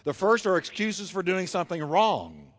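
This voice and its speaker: A male pastor preaching a sermon in a church, emphatic and repetitive with dramatic pauses. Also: high voice, wildly swooping pitch, long reverb tail. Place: church sanctuary. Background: congregation.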